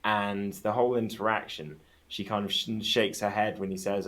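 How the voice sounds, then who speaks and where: A man's voice: lowish voice, steady tone, fairly quick, a bit bright. A man guest on a casual podcast chat, telling stories with enthusiasm and swearing freely.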